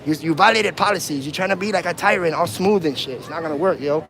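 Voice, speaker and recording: A man with a fairly high voice livestreams from a handheld phone on a city street. He taunts and provokes in loose slang. The sound has an outdoor, open-air feel. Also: quick pace, gravelly, a bit bright, a little hiss or hum. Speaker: first amendment auditor.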